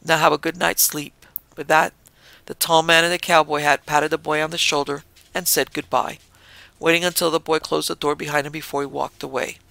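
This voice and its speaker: A man hosting a podcast, narrating a scripted ghost story in a measured, dramatic way. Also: fairly high pitch, little pitch movement, vocal fry, sharp tone, dry recording.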